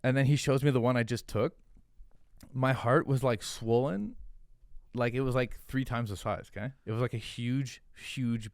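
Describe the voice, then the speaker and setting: A man's voice: mid-range voice, moderate pace, dry recording, clean studio sound. A man telling a story as a podcast guest, casual and profane, with lots of "like" fillers. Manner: animated, profane, filler-heavy, "like" every few words.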